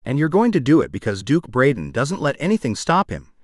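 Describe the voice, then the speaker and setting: A man voicing a gentle, supportive woman. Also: medium pitch, huge pitch swings, moderate pace, no room sound, studio quality. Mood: encouraging. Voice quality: gentle, encouraging. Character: kind, supportive young woman.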